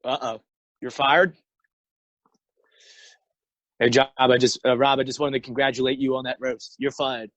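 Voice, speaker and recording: A man's voice: medium pitch, level tone, normal speed, long pauses, fairly bright tone, dry recording, highs cut off. A young man co-hosting a podcast, telling stories in a loose, laughing way and acting out other people's lines. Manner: loose, laughing storytelling with acted-out quotes. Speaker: podcast co-host. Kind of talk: casual chat.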